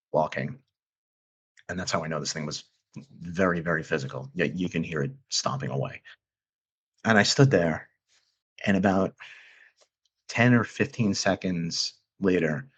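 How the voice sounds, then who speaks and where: A man with a low, husky voice tells a personal story in a halting, earnest way. He often restarts his sentences while he looks for the right words. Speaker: guest recounting an encounter. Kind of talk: casual storytelling.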